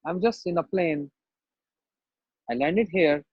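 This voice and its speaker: A man with a slightly high, husky voice gives a devotional sermon, drifting into a personal anecdote and playing the other voices in it. His English has a non-native turn of phrase. The recording is dry and muffled, with no room sound. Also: slow pace, no room sound. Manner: conversational storytelling, acts out quoted voices. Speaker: spiritual teacher.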